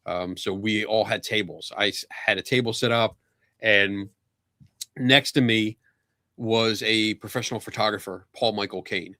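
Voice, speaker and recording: A man hosting a podcast, telling a casual anecdote, animated and laughing often, acting out other people's lines. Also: lowish voice, a little slow, dry recording, clean studio sound. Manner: animated storyteller, laughs often, acts out quotes. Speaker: podcast host.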